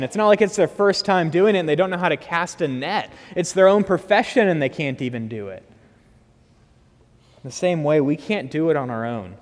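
A man's voice: a little high, long reverb tail. A man preaching a sermon in a conversational way, with casual asides to his listeners. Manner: conversational, lively, with asides to the congregation. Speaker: pastor.

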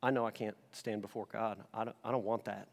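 A male pastor preaching a sermon in a conversational, animated way, alternating between loud emphasis and quiet, intense passages. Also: on the low side, fairly quick, gravelly, big-room sound. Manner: casual conversational asides.

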